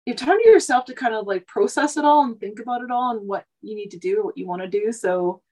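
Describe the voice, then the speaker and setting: A woman's voice: a little high, expressive, fast talker, a little mellow, poor audio. A woman in her thirties from Canada, a truck driver chatting casually on a podcast, rambling with lots of asides. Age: 30s. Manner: talkative, rambling, many "like" and "you know" asides.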